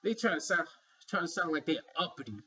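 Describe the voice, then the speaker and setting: A man talks through his opinions in a loose, emphatic vlog monologue, leaning on "you know" as he goes. His voice sits a little high and has a husky edge. The recording sounds dull and lo-fi. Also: animated, fairly quick, pushed and bright. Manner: rambling, emphatic, many "you know" fillers. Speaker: vlogger. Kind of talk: opinion commentary.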